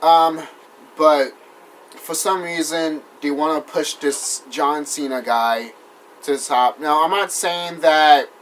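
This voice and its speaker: A wrestling vlogger ranting in a casual vlog, his voice medium-pitched, steady and slow, with slight background noise. He's heated and profane, rambling and restarting his sentences, and turns apologetic after each outburst.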